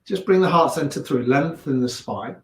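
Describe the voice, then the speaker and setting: Calm Leicester man guiding yoga. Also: a little high. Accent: Leicester English. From England. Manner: calm, unhurried cues with chatty asides. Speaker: yoga teacher. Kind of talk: guiding a gentle yoga class. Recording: echoey room.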